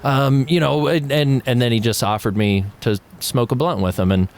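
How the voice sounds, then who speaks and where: A man's voice: mid-range voice, normal speed. A man co-hosting a casual podcast, telling loose stories with lots of laughter, swearing and acted-out quotes. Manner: laughing, swearing storyteller who acts out quoted talk. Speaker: podcast co-host. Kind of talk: casual chat.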